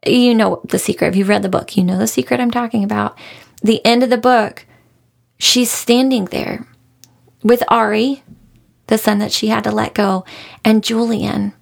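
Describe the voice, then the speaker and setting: A woman's voice: a little high, fairly even intonation, moderate pace, creaky. A woman hosting a podcast, talking through a book she loved in an earnest, emotional, heartfelt way. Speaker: podcast host. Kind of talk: casual book review monologue.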